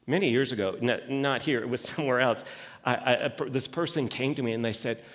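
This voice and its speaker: A man's voice: mid-range voice, brisk, big-room sound. A man preaching a sermon as lead pastor, talking conversationally with quoted asides and frequent restarts. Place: church sanctuary.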